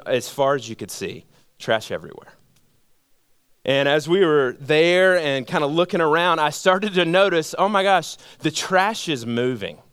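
A man preaching a sermon, telling a story and letting his voice drop low and quiet at the heaviest moments, then building with emphatic repeated phrases. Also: no room sound, studio quality. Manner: storytelling, drops low and quiet at emotional points. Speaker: pastor.

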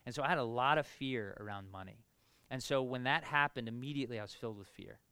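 A pastor preaching a conversational sermon, telling personal stories in a casual, animated way with lots of filler words. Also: male voice, medium pitch, quick pace, clear, resonant tone, no echo.

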